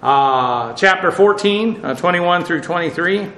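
Male Bible teacher, chatty and halting, dry humor, bright voice. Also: high voice, expressive, roomy sound, poor audio. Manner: conversational, many fillers, dry asides. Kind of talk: informal Bible class teaching.

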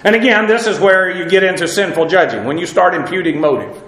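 A man's voice: high-pitched, expressive, fairly quick, few pauses, fairly bright tone, echoey room, poor audio. A man preaching a verse-by-verse sermon, earnest and emphatic, with frequent uhs and repeated words. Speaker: Bible teacher.

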